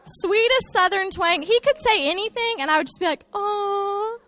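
A woman's voice: very high-pitched, a little fast, no echo. A woman in her thirties speaking to a church congregation from the stage, joking through funny stories before turning earnest. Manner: lively joking storyteller, turns earnest. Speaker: church children's ministry speaker. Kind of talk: humorous recap talk to a congregation.

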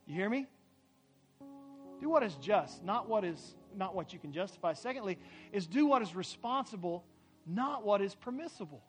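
A man preaching a sermon as a pastor, building emphatically to loud climaxes and having the congregation repeat phrases. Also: high-pitched, animated, normal speed, faint music behind. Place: church sanctuary.

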